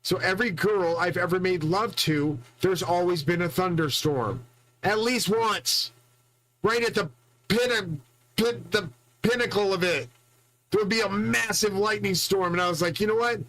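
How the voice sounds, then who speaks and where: Man, fairly high voice, boastful rambling monologue, swears, restarts often. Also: fairly bright tone, poor audio. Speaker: channel host.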